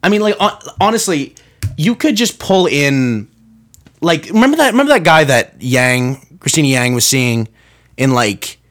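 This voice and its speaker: A man's voice: a little high, normal speed. A young man hosting his own podcast, chatting casually and rambling with many restarts and asides. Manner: rambling, self-interrupting, animated. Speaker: podcast host. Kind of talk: casual solo podcast rant.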